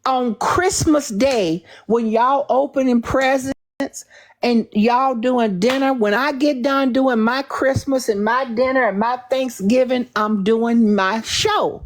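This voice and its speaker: Slow, sassy woman hosting a livestream. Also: on the high side. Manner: sassy, confrontational, emphatic; repeats herself, frequent restarts. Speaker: livestream host taking callers. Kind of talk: live-streamed call-in show.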